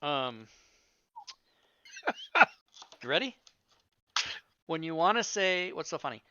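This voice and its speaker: A man's voice: fairly high pitch, very animated, takes it slowly, pushed and bright, dull audio, a little hiss or hum. A man in his fifties, a player joking around with others at the table and laughing often. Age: 50s. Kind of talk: casual banter at the table.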